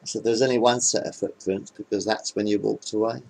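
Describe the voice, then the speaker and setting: A man casually telling jokes into a webcam in a rambling, hesitant, deadpan way. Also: on the low side, fairly quick, gravelly, slight background noise, poor audio. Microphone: webcam microphone.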